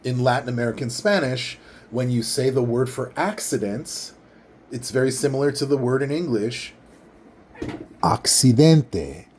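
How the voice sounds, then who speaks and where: A man casually explaining how to pronounce his name, leaning in to the microphone and enunciating slowly and carefully. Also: mid-range voice, a little hiss or hum. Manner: enunciates carefully, repeats words slowly syllable by syllable. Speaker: vlogger teaching name pronunciation. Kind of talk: casual explanatory talk to camera. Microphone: leans in toward microphone.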